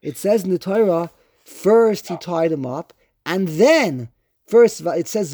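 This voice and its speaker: A man teaching a religious class to a group, emphatic and animated, slowly chanting quoted verses and asking pointed questions. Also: sits high, no room sound, studio quality. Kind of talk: religious study lecture.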